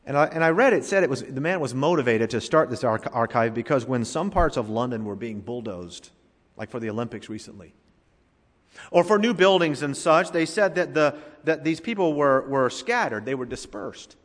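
A man preaching a sermon, swinging between loud emphasis and quiet, drawn-out phrases, with rhetorical questions. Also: medium pitch, expressive. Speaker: pastor. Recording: hall reverb.

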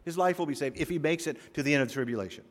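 A man from the American South preaching a sermon as pastor, animated and full of rhetorical questions. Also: fairly high pitch, very fast, big-room sound.

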